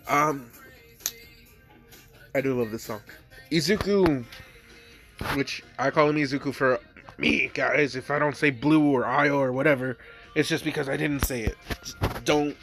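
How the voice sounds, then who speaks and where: A man's voice: mid-range voice, normal speed, gravelly, pauses often, fairly bright tone, faint music behind. A man with a stuffy nose, casually narrating his own fan story, rambling and loaded with fillers.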